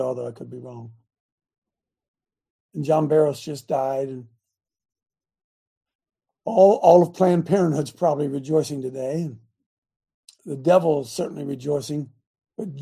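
A man hosts a Christian talk show in a fiery, preaching style. His voice is mellow and husky, and he leans on loud bursts of emphasis to provoke his listeners. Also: on the high side.

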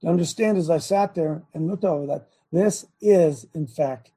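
A man's voice: a little high, normal speed, dark tone, husky. An older man hosting a Christian talk show, preachy and emphatic, often repeating words and restarting sentences. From United States.

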